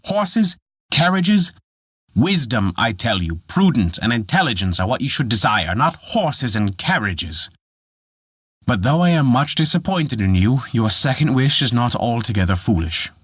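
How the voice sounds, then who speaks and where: A man's voice: medium pitch, very animated, moderate pace, fairly bright tone, husky, no echo, clean studio sound. A man voicing a tiny old forest dwarf made of glass who lectures and scolds in an exasperated way. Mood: scolding.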